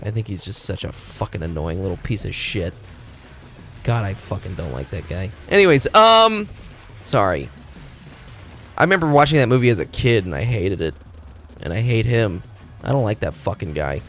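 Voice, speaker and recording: Casual streamer: man, animated, pitch all over, swears constantly, faint music behind. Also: creaky. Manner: profane ranting, animated.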